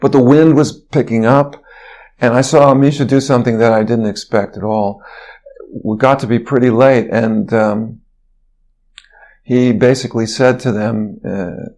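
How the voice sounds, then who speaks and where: A man of middle pitch tells a long story as a guest in an interview. He rambles a bit, with fillers and restarts, and describes events as he goes. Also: steady tone, measured pace, darkish tone. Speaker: guest, physician.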